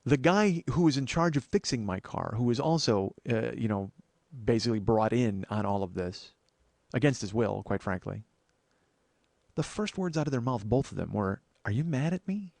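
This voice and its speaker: A man's voice: on the low side, animated, normal speed, creaky, a little mellow, no room sound. A man in his forties, hosting a podcast and telling a comic story with lots of stammering restarts and exasperation. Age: 40s. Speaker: podcast host.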